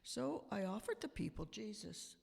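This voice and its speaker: A man's voice: sits high, big pitch swings, gravelly, husky, heavily acted. A man playing Pontius Pilate, a defensive Roman governor justifying himself on the witness stand in a church play. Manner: slow, deliberate, emphatic storytelling. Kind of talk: amateur church drama. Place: church sanctuary. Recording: long church hall reverb.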